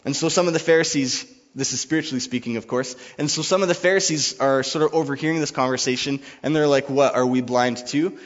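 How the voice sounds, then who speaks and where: A fairly high-pitched man preaches a sermon quickly, with few pauses, reading scripture and retelling it loosely. He paraphrases dialogue in a casual, conversational way. The recording is dull and lo-fi, with long reverb.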